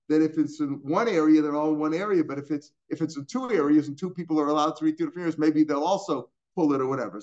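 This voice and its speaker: A man's voice: fairly high pitch, dull audio. An older man teaching a line-by-line Talmud class in a casual way, with chuckling asides and Hebrew and Aramaic terms mixed in.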